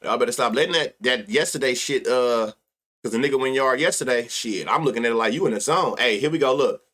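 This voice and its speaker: A man's voice: medium pitch, fast. Man, sports-betting stream host, casual, profane, laughing, muttered stats. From United States. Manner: animated, profane, laughs often, reads stats aloud under his breath.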